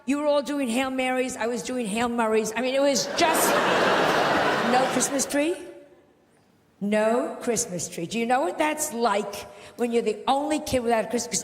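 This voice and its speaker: A woman doing brash, exaggerated stand-up comedy in a large theatre. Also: sits high. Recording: echoey theatre with audience.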